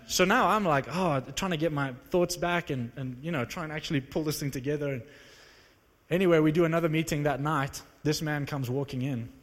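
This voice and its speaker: A man preaching a sermon and telling stories with animated energy, acting out the dialogue. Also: fairly high pitch, fairly quick, long reverb tail. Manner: animated storytelling, acts out dialogue. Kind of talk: sermon with storytelling.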